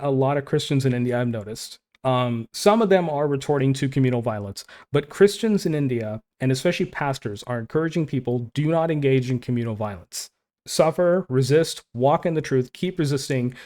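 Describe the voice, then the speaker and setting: A man talks through a topic in loose, heated commentary, dropping in "man" and "dude" as he goes. His voice sits at an ordinary middle pitch, and the delivery stays conversational and passionate. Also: mellow. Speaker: online Christian commentator. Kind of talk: casual commentary, reading quotes aloud.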